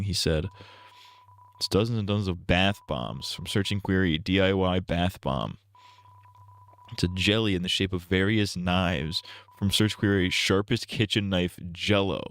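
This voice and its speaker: A man's voice: low voice, fairly bright tone. A male streamer casually reading game text aloud with irreverent, crude asides.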